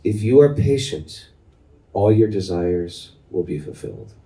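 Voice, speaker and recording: A man doing a calm old guru, soft and reassuring. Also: fairly low pitch, measured pace, pitched below the performer's own voice. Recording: roomy, from a distance.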